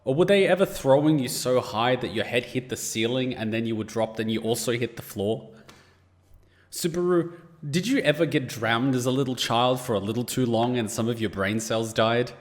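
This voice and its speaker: A man's voice: mid-range voice, moderate pace, big-room sound. A man reacting to an anime episode, exasperated and swearing, firing off rhetorical questions. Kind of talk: casual reaction commentary.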